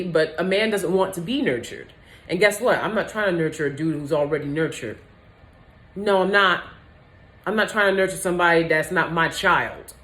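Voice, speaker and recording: A low-voiced woman giving a candid, casual vlog monologue, animated and quick to laugh. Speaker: vlogger.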